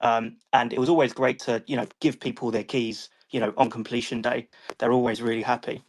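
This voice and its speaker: A British man calmly telling a personal story to a live chat, steady and relaxed with frequent pauses to think. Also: medium pitch. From United Kingdom. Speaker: guest sharing a story. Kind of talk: casual storytelling.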